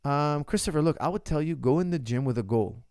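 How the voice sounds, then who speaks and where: Blunt gravelly man in his forties. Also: a little high, animated, brisk, a little mellow, no room sound, studio quality. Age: 40s. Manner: blunt, emphatic, repeats key phrases. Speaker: martial arts coach answering viewer questions. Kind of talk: casual livestream Q&A.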